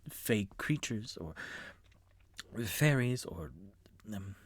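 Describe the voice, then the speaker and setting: A man puts on an anxious elephant-folk bard in a tabletop game, whispering his warnings in a hushed, stammering voice. The sound is dry and close, with the words coming slowly. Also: on the low side, expressive, husky, dry recording, exaggerated voice. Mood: flustered. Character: nervous careful male elephant-folk bard.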